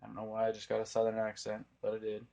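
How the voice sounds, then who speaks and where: A man's voice: fairly low pitch, monotone, quick pace, gravelly, mellow, muffled recording. A young man giving a casual, rambling tour of his home aquariums while filming on a phone. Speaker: aquarium hobbyist vlogger. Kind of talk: casual tank tour walkthrough. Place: indoor home room full of aquariums. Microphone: phone camera held by the speaker.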